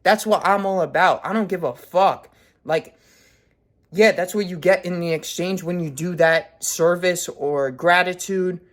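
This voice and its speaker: A man's voice: high-pitched, a little slow, fairly bright tone. A man in his twenties giving a blunt, profanity-heavy motivational rant as a vlogger. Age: 20s. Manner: blunt, heavy swearing, intense.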